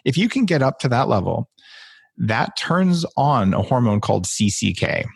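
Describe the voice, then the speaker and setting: A man's voice: medium pitch, very animated, normal speed, vocal fry, slightly rough, dry recording, studio quality. A man talking as a podcast guest, playfully acting out the voices in people's heads as he explains. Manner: playful, acts out inner voices. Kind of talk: animated interview talk.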